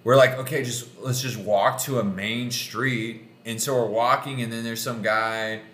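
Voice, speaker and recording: A man's voice: mid-range voice, measured pace. A man co-hosting a casual chat, telling a travel story with lots of swearing and acted-out voices. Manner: animated, profane, acts out voices in stories. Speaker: podcast co-host. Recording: roomy echo.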